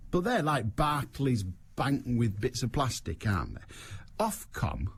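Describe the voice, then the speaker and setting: Bloke hosting a radio phone-in, bit husky, dry self-deprecating jokes. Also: male voice, medium pitch, very animated, a little slow. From England. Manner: dry self-mocking banter. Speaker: radio call-in host. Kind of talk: casual chat. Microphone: studio microphone.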